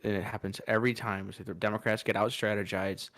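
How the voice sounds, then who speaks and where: Podcast co-host, male, lowish voice, frustrated and emphatic, dry close mic. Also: flat delivery, fast, fairly bright tone, no room sound. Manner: frustrated, emphatic, mocking quotes. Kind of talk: political opinion talk.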